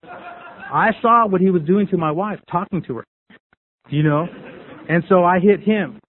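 High-voiced man telling his story over a thin line. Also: unhurried, a little hiss or hum. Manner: candid, repetitive storytelling. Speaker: speaker sharing his recovery story. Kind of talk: personal testimony to a group. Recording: tinny phone-like radio sound.

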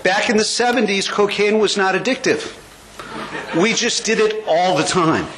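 A man's voice: high-pitched, moderate pace, heavy background noise. An older man from the United States telling his story with wry humor at a recovery meeting, in a conversational way. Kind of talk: storytelling talk.

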